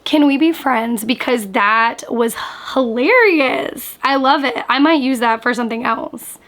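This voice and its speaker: A woman book vlogger in casual reaction chat, animated and chatty, sprinkling "like" through her talk. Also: fairly high pitch, unhurried. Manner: chatty, animated, frequent "like" fillers.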